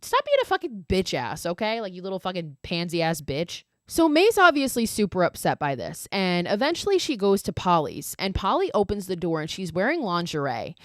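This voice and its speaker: Casual woman podcaster with a low voice, dry close sound, profane and exasperated, filler-heavy recap. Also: huge pitch swings, brisk, hardly any pauses, no echo. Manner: fillers of "like" throughout. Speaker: podcast host.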